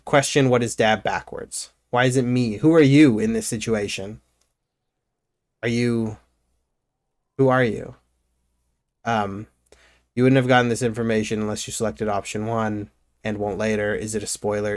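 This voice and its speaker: A male streamer reading video game text aloud slowly and carefully, breaking off for casual asides to his viewers. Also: on the low side, fairly even intonation. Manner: reads game narration in a slow, measured way, breaking off for casual asides.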